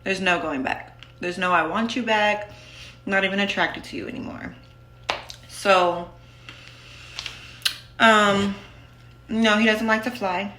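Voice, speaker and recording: A woman's voice: medium pitch, fairly even intonation, slow, long pauses, bright, forceful tone, echoey room, slight background noise. A woman telling her own story in a casual, candid, blunt way, full of "like". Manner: candid and blunt, with many fillers of "like".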